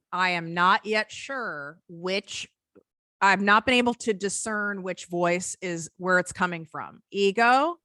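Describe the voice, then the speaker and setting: Bright, forceful woman guest. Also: lowish voice, no room sound, studio quality. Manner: earnest, animated, acts out inner voices. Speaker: podcast guest, business coach. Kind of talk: conversational interview.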